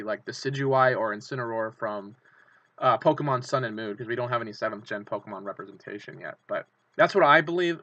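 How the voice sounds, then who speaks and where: A man's voice: medium pitch, sharp tone, no room sound, muffled recording. A man hosting his own channel, rambling with enthusiasm in fan commentary full of fillers and restarts. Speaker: channel host.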